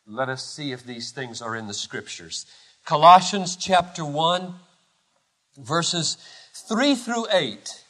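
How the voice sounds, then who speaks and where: Impassioned, high-voiced male preacher. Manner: impassioned, rhetorical preaching with big swings from loud to hushed. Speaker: pastor. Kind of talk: sermon.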